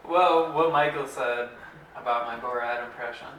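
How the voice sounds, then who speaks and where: A young man co-hosting a casual comedy podcast, talking in a rambling, halting way with lots of fillers. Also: medium pitch. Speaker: podcast co-host. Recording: roomy echo, mic at a distance, faint hiss.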